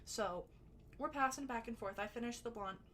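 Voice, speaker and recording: A woman's voice: on the high side, moderate pace, slight background noise. Chatty woman telling a storytime. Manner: chatty and animated, with sudden loud bursts and swearing. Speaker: storytelling vlogger. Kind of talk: casual storytime.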